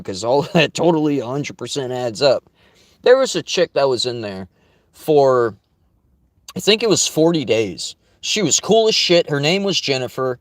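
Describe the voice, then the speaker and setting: A man's voice: on the high side, moderate pace, no echo. Blunt, profane man telling a story. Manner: blunt, profane, rambling with restarts. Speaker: vlogger. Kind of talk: casual storytelling.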